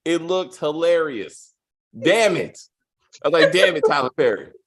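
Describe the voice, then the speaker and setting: A man hosting a casual spoiler review of a TV episode, animated and profane, acting out quotes with big swings in his voice. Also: on the high side, normal speed. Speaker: TV review host.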